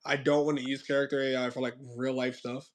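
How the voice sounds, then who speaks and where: A young man talks with a friend on his stream in a loose, rambling way. He drifts into reflection and lets sentences fade off quietly. His pitch sits in an ordinary middle range. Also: level tone, fast. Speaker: channel host. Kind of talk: casual chat on a stream.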